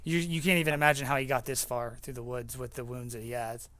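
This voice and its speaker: A young man narrating a tabletop game as game master, halting with many fillers. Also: mid-range voice, flat delivery, fairly bright tone, no echo.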